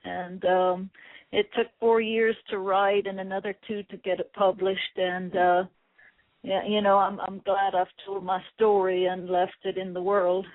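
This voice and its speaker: A middle-aged Irish woman, a former boxer, answering interview questions in a soft-spoken, hesitant way with many fillers. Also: mid-range voice, flat delivery, a little slow, dry recording. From Ireland. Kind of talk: phone interview. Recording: tinny phone line.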